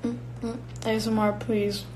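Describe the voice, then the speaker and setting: A woman's voice: on the high side, little pitch movement, measured pace, a little mellow, faint music behind, low-quality recording. A young woman from Finland, casually chatting with fans on a live stream and answering their comments while she eats. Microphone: phone or built-in mic.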